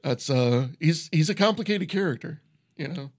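A man guesting on a podcast in a recording studio, telling a history story in a relaxed way and laughing along. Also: a little high, moderate pace. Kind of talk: casual chat.

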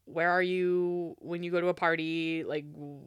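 A woman's voice: lowish voice, fairly even intonation, unhurried, clean tone, no echo, lo-fi sound. A young woman hosting a casual chat, talking loosely with lots of fillers and laughing often. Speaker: podcast co-host.

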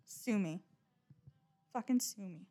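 A woman's voice: mid-range voice, slow pace, warm tone, soft background music. A young woman talking casually and bluntly about her odd habits, rambling, swearing often and mocking herself. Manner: rambling, blunt, frequent swearing and self-mockery. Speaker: podcast host. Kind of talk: casual confessional monologue.

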